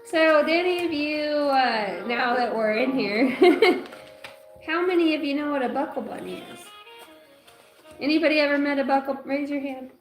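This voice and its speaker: A woman's voice: high voice, lively intonation, moderate pace. A woman hosting a tarot livestream in casual chat, rambling and crude, with a loose, joking delivery. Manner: rambling and crude, breaks into laughter and song snippets. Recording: echoey room with faint music.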